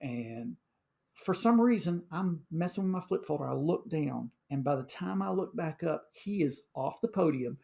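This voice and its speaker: A middle-aged man, a high school band director, telling animated stories in casual conversation, full of fillers and restarts. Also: moderate pace, vocal fry.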